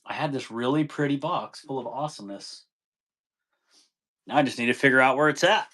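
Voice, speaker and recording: A man's voice: mid-range voice, brisk, a bit bright. A man hosting a casual live stream, greeting viewers by name, chatting loosely and laughing easily.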